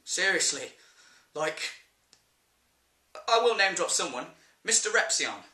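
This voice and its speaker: A man's voice: sits high, big pitch swings, takes it slowly, pushed and bright, echoey room. A man with an English accent ranting in a vlog, blunt and sweary with an exasperated edge. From England. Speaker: vlogger.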